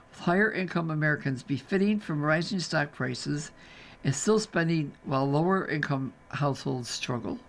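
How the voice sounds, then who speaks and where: A man's voice: fairly high pitch, creaky. A man reading newspaper articles aloud for a radio reading service, adding chatty asides as he goes. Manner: chatty, adds casual asides while reading. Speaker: volunteer reader.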